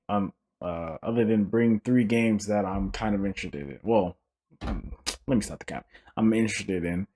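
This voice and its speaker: A young man hosts a casual solo podcast, ranting in an animated, profane, joking manner and frequently restarting his sentences. His voice is on the low side.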